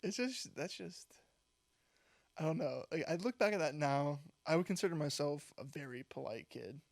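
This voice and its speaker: Higher-voiced young man telling stories. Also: expressive, moderate pace, vocal fry, no echo. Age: young adult. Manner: rambling storytelling with frequent "like" and laughs. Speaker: podcast co-host. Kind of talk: casual chat.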